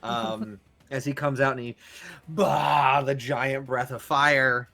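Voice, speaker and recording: A man running a tabletop game as dungeon master, narrating in a rambling, animated way full of fillers. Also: medium pitch, a little slow.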